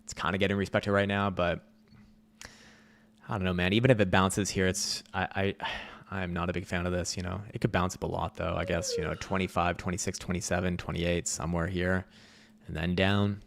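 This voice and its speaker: A man's voice: low-pitched, little pitch movement, brisk, vocal fry. A man giving blunt, sarcastic live market commentary, swearing freely.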